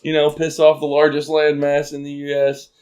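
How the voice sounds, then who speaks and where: A man from Arkansas with a Southern accent, co-hosting a casual podcast chat, animated and laughing often. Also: on the high side, moderate pace. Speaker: podcast co-host.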